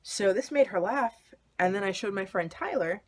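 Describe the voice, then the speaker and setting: A man's voice: high-pitched, expressive, normal speed, noisy background. A young man candidly telling a personal story in a vlog, in a confessional way. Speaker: vlogger.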